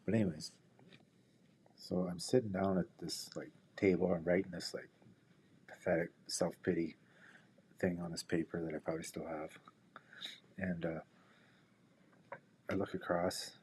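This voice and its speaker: Low-voiced man muttering over trades. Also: steady tone, measured pace, long pauses, a little mellow, a little hiss or hum. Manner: rambling, profane, muttering asides to himself; drops into whispers. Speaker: day trader. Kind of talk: casual trading commentary with personal stories.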